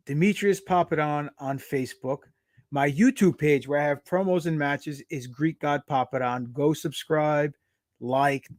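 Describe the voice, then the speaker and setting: A man's voice: fairly high pitch, a little mellow, no room sound, clean studio sound. A man from the United States talking as an interview guest, brash and joking, swearing freely. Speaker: guest, pro wrestler. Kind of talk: casual interview chat.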